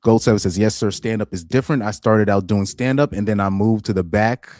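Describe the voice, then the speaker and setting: Male streamer, deep voice, casual rambling chat read-out, dry close sound. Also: fairly quick, a little mellow, no echo. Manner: loose and rambling, repeats words, laughs often. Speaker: livestream host reading chat. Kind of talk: casual live-stream commentary.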